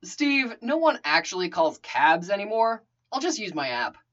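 A woman's voice: medium pitch, sing-song, normal speed, a bit bright, highs cut off. A woman doing a dry, teasing young man.

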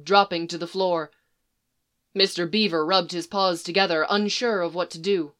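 A woman reads a story aloud in a measured, expressive voice. She speaks unhurriedly, and her voice sits somewhat low. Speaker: narrator. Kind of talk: storybook reading.

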